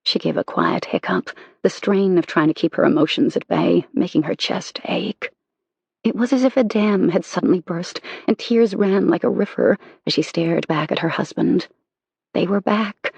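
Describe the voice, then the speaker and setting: An audiobook narrator reading a romance novel in an intimate, measured way. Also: medium pitch, vocal fry, darkish tone, husky, dry recording, muffled recording.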